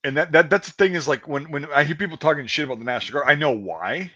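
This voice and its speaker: A man in his thirties casually telling profane army stories in an animated way, often breaking into shouted impressions. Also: a little high, fast talker, breathy edge, dry recording, muffled recording. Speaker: podcast host and army veteran. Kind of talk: casual storytelling chat.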